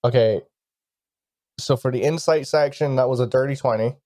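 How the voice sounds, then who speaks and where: Mellow-voiced man playing a game. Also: medium pitch, dry recording. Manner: deliberate, solemn in character. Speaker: player. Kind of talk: in-character role-play and casual table talk.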